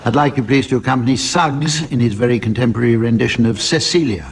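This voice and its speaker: Deadpan male chairman of a comedy panel game. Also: medium pitch, quick pace, over loud music. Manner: deadpan, mock-grand. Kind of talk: dry scripted comic introductions. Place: radio studio before a live audience. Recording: loud audience laughter and noise.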